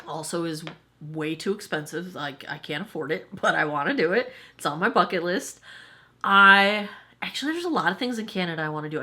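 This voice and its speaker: A woman's voice: on the low side, sharp tone. Woman, forties, US beauty vlogger, chatty and self-deprecating, rambly Q&A. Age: 40s. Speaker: beauty YouTuber. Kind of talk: casual Q&A chat to camera.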